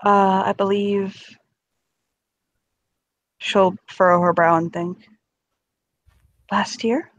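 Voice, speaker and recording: A woman's voice: mid-range voice, little pitch movement, very slow, pauses often, no echo. A woman playing a character in a tabletop role-play, shifting between hesitant narration and polite, formal in-character speech. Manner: hesitant, restarts, polite in character, laughs at herself. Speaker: player.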